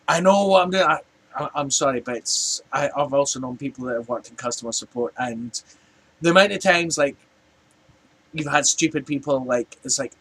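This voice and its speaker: A man's voice: high voice, a little fast, a bit bright. A Scottish man in his forties ranting casually to camera, rambling and chatty with lots of restarts. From Scotland. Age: 40s. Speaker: vlogger. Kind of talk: casual rant.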